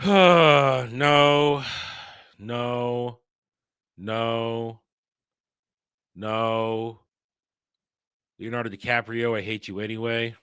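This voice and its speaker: A man's voice: mid-range voice, a bit bright, clean tone, dry recording, clean studio sound. Blunt, profane man ranting over headlines. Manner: blunt, profane, irritated, dismissive. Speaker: host of a daily entertainment news commentary show. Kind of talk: casual ranting commentary on headlines.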